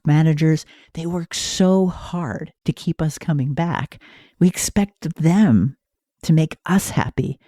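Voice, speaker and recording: A man in his forties from the United States narrates in an earnest, musing way. His voice is mellow and sits fairly high. The recording is close and dry. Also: dry recording. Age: 40s. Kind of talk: reflective narration.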